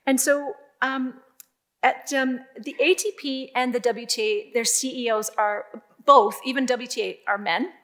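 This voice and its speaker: An older woman giving a keynote speech, telling stories in a lively way with emphatic, repeated phrases. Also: a little high, measured pace. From Canada. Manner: lively storytelling, emphatic repetition. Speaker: keynote speaker.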